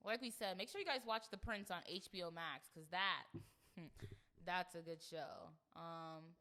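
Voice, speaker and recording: A woman's voice: lowish voice, a little slow, pushed and bright. A young woman hosting a podcast in a casual, playful, chatty way. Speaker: podcast host. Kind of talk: casual chat.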